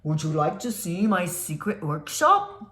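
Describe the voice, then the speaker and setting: A woman voicing a male monster in a costume, who speaks in a low, menacing, taunting voice. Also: sing-song, measured pace, fairly bright tone. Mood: sly. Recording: roomy echo.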